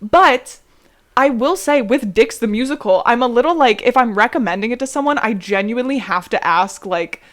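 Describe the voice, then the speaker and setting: A woman's voice: on the high side, expressive, moderate pace, a bit bright. Playful, giggly young woman podcaster. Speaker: podcast co-host. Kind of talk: casual chat.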